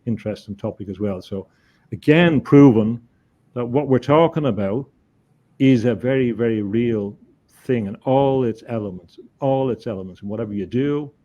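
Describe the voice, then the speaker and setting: A man, a guest on an interview show, telling a story in an earnest, halting way, often repeating words as he thinks. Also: medium pitch, dark tone, muffled recording. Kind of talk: conversational storytelling.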